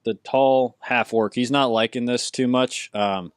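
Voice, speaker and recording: A man's voice: medium pitch, fairly even intonation, unhurried, clean tone, no echo, studio quality. A man running a tabletop game as game master, asking the players what they do. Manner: questioning, plays the monsters himself.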